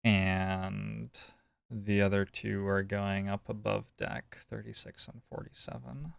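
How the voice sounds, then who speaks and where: A man streaming a detective game, musing slowly and thinking aloud as he works through each scene. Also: on the low side, expressive, gravelly, clean tone, no echo. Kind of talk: casual let's-play commentary.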